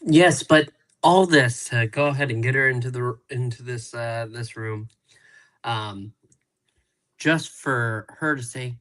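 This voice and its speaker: A man's voice: mid-range voice, slow, a bit bright, rough recording. A male guest reviewer recapping a TV episode in casual chat, meandering with many fillers.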